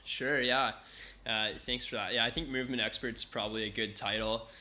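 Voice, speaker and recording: A man's voice: mid-range voice, fairly even intonation, fairly quick, pushed and bright. A man from Canada, a movement coach guesting on a podcast, talking in a laid-back, easygoing way with plenty of fillers. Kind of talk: casual interview chat. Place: Bali.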